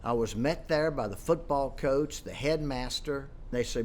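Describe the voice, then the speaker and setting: A man tells his life story as an entrepreneur, his pitch rising and dipping as he acts out what others said to him. His voice sits in a middle register. A faint room hum runs underneath. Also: a little slow, hardly any pauses. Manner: animated storyteller acting out quoted dialogue. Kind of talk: personal storytelling to camera.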